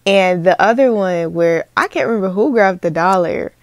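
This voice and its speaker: A woman chatting casually in a relaxed, slightly unsure way while recapping a video. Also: mid-range voice, normal speed, dry recording.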